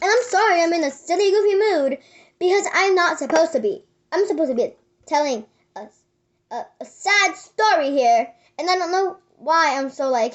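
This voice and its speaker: High-voiced young woman rambling a story. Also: expressive, moderate pace. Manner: rambling, many "like"s and restarts, drops into whispers. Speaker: vlogger. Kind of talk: casual storytelling.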